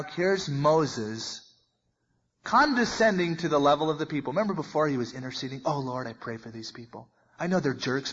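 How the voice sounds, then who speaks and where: A man preaching a sermon and teaching verse by verse, talking in a conversational way and acting out the voices in the passage, with big swings in loudness. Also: a little high, breathy edge. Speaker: pastor. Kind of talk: expository Bible teaching. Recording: muffled lo-fi recording.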